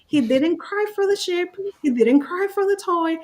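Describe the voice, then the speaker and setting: A woman on a video call telling animated personal stories as a summit panelist, acting out the voices in them. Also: very high-pitched, moderate pace. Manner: lively, acts out voices in her stories.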